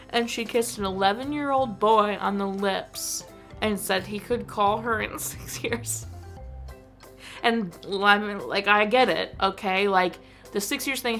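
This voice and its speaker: Woman, creaky vlogger voice, rambling exasperated film rant, faint music behind. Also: medium pitch, a bit bright. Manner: rambling, heavy use of "like", exasperated. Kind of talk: casual movie review rant.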